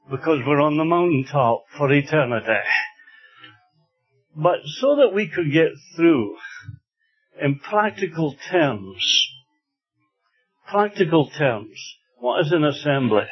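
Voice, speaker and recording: A man from Scotland delivers a sermon with a husky, slightly breathy voice. His talk is earnest and unhurried, rising to emphatic passages. The recording has a dull, lo-fi sound. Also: a little high, lively intonation. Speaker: preacher.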